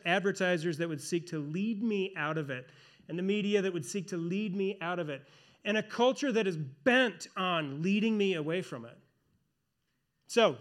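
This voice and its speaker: Guy with a high voice preaching, earnest, leans hard on key words, slows down to hammer them. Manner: earnest, emphatic preaching with slowed stressed phrases. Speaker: pastor and elder. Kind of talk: sermon.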